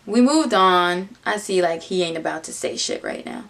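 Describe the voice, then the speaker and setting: Give me a young woman vlogger telling a casual story, lively with quiet muttered asides. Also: moderate pace, creaky, hardly any pauses. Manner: animated, swings to low muttered asides.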